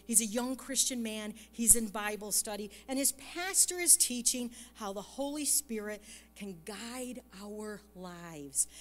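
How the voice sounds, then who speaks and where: A woman telling a story in a conversational sermon, often checking in with the congregation and laughing lightly. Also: fairly high pitch. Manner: conversational, keeps asking "right?" and laughs lightly. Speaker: speaker at a church service. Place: church sanctuary. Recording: long hall reverb.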